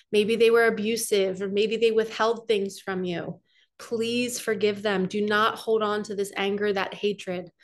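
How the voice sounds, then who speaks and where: A woman in a middle-pitched voice talks viewers through an oracle card reading. She is earnest and chatty, and she wanders a bit as she speaks straight to the audience. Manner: earnest, chatty and rambling, addressing viewers directly. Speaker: spiritual coach doing card readings.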